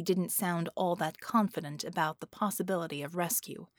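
A woman reading an audiobook with scripted narration, in an even storytelling manner. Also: on the low side, normal speed, few pauses, dry recording, clean studio sound.

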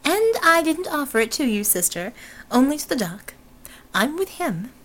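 A woman's voice: sits high, very animated, normal speed, a bit bright, pitched above the performer's own voice. A woman voicing a retired superheroine who talks in a brash, sardonic, wisecracking way.

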